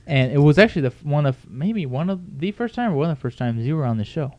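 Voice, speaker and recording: A middle-aged man hosts a casual podcast from home, rambling and cracking jokes at his own expense. His voice is fairly high, expressive and fairly quick with a darkish tone, and the recording is dry and dull.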